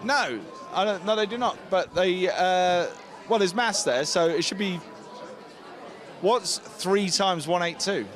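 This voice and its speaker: High-voiced man teasing over crowd noise. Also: a little slow, a bit bright. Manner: dry teasing. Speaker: co-host. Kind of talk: casual banter. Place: outdoors at a busy event.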